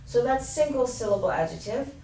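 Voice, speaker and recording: A woman teaching an English grammar lesson, explaining slowly and clearly and spelling out letters. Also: on the high side, expressive, mellow, a little hiss or hum. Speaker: ESL teacher. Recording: roomy, distant mic with faint ambience.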